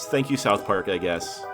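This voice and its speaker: Laughing, animated man in casual chat. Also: on the low side. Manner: laughs often, animated and profane. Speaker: podcast co-host.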